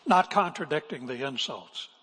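Male pastor, emphatic sermon, slightly high husky voice, slow, hall reverb. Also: animated, sharp tone. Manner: earnest, emphatic, acts out quotes. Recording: long reverb of a large hall.

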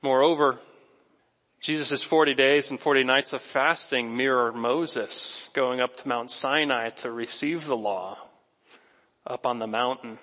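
A man's voice: mid-range voice, measured pace. Man preaching in an echoing hall. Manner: conversational, animated preaching that talks directly to the congregation. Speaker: pastor. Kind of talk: sermon. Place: church sanctuary.

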